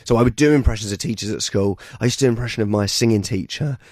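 A young man chatting as a guest impressionist, dropping in and out of quick impressions. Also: lowish voice, dry recording, studio quality. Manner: lively, slips in and out of impressions. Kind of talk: casual interview chat.

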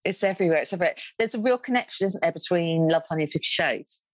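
A woman hosting a casual podcast, brisk and playful and quick to laugh. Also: fairly low pitch, lively intonation, dry recording. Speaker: podcast host.

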